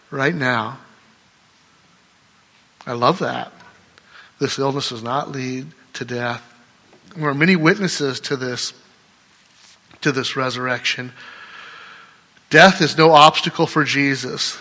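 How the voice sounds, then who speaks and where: A man's voice: mid-range voice, pushed and bright. Emphatic preacher man in an echoey hall. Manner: emphatic, conversational preaching with rhetorical questions. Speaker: pastor. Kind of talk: sermon.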